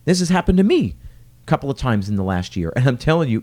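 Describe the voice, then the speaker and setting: A middle-aged man with a warm, mellow tone gives an earnest solo podcast talk, circling his point with rhetorical questions. His pitch rises and dips freely as he leans on key words. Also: big pitch swings, fast talker. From lives in New York City. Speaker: restaurateur and podcast host.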